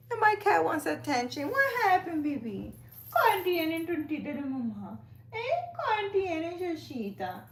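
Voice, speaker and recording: Chatty woman live streaming from her phone. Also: fairly high pitch. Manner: chatty, reads comments aloud, switches to baby talk with her cat. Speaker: live stream host reading cards and viewer comments. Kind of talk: casual live stream chat.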